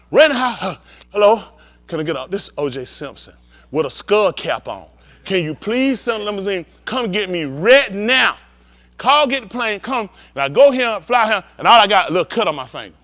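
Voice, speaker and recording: Animated, high-voiced preacher acting out scenes. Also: male voice, normal speed. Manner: animated, profane, acts out scenes and keeps asking the crowd if they understand. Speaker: pastor. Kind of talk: comedic storytelling rant to a congregation.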